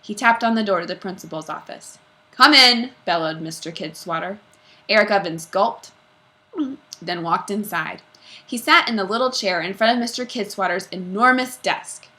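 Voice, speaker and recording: A woman reads a children's chapter book aloud. Her voice is bright and expressive, and she slips into character voices as she goes. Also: medium pitch, moderate pace. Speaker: reader. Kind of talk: storybook read-aloud.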